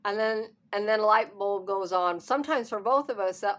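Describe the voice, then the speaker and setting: A woman's voice: medium pitch, moderate pace, few pauses. A hard-of-hearing woman vlogging at home into her camera, upset and trying not to cry, with nervous laughs. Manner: upset, holding back tears, nervous laughter. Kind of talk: emotional personal vlog.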